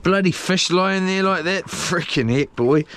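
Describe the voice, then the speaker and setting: Brief: man, solo boat vlogger, slow rambling self-talk, slightly high voice, faint noise behind. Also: fairly bright tone. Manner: rambling, talks to himself, swears often. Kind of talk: casual live-stream chat while tidying a boat. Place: small houseboat on the water.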